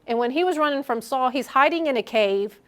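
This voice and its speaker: A woman's voice: high voice, lively intonation, a little fast, a bit bright. A middle-aged woman giving a candid, conversational sermon to a young adults group, acting out her own inner voices as she goes.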